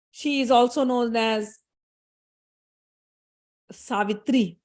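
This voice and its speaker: A woman's voice: fairly high pitch, moderate pace, pauses often. A woman spiritual teacher retelling a scripture story in a conversational, explanatory way with casual asides.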